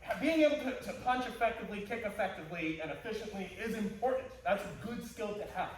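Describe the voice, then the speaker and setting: A man's voice: sits high, animated, fast talker. A man teaching a martial arts class, playful and joking, often restarting his sentences. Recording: echoey hall, distant mic.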